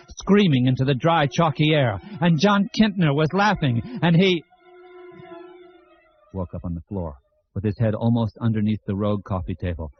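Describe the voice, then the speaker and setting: Guy narrating an audiobook, husky voice, kinda dull lo-fi recording. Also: lowish voice. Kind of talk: scripted narration.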